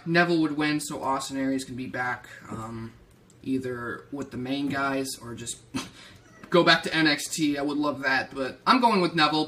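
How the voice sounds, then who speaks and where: A man hosting a casual wrestling prediction vlog, ranting in a profane, excitable way. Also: mid-range voice. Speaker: wrestling YouTuber host.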